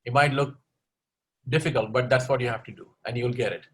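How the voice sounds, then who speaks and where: A man's voice: medium pitch, fairly even intonation, fairly quick. Man giving advice in an online webinar. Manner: advising, repeats "okay?" after points. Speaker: webinar speaker on English communication. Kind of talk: answering audience questions in a webinar.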